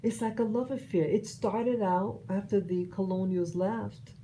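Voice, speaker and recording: A woman from the United States giving her personal commentary, earnest and halting, often restarting her sentences. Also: medium pitch, dark tone, a little hiss or hum, low-quality recording. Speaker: vlogger sharing opinions.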